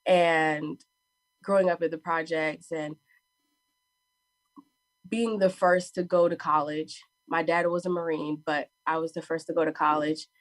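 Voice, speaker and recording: A woman's voice: deep voice, little pitch movement, a little slow. A woman with a Southern US accent, chatting on a conference panel and laughing often as she talks. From Southern US (Florida). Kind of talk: casual panel talk.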